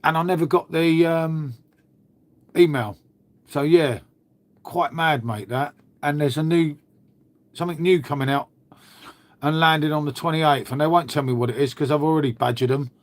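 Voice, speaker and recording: Matey bloke chatting on a live stream. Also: male voice, on the high side, normal speed, pauses often. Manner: chatty and matey, swears, answers viewers' comments. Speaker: beer channel host. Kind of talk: casual live stream chat.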